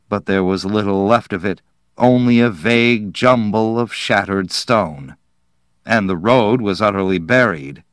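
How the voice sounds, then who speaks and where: A male narrator reads a story at a deliberate, unhurried pace, with a mid-range voice. The recording is close and dry, with no room sound around him. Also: mid-range voice, dry recording. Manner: slow, measured storytelling. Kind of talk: audiobook narration.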